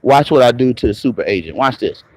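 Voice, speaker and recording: A man with a raspy voice, an online commentator delivering a confrontational, profane, mocking rant on a live stream. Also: mid-range voice, animated, fast, darkish tone, poor audio. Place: moving around on the go, patchy signal.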